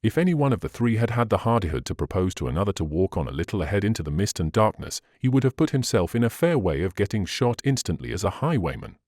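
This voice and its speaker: A man narrating a classic novel as an audiobook, in a measured, expressive reading. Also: fairly low pitch, no room sound, studio quality.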